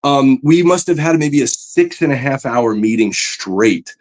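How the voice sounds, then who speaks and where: A man, a comic book artist, chatting as a guest in an interview, telling stories with lively enthusiasm and many fillers. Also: mid-range voice, a little slow. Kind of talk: casual interview storytelling.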